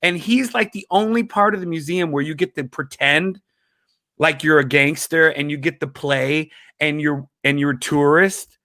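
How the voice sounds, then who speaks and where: A man telling a story as a comedian guest, animated, laughing often and acting out the people he quotes. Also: on the high side, normal speed, no echo, studio quality. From Chicago. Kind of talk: casual storytelling in an interview.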